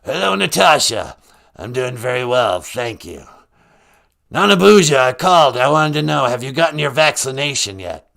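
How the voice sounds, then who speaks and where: A man's voice: mid-range voice, big pitch swings, normal speed, vocal fry, fairly bright tone. A man doing a fussy older doctor on the line. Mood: lecturing. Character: impression of a famous older male public health doctor, earnest and officious.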